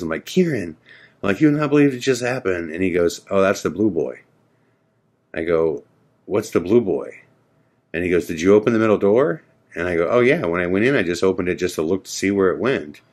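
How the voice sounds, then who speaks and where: A man's voice: low-pitched, brisk. A man hosting a podcast, casually telling a spooky story and acting out the dialogue. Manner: animated, acts out quoted dialogue; casual, filler-heavy speech. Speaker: podcast host.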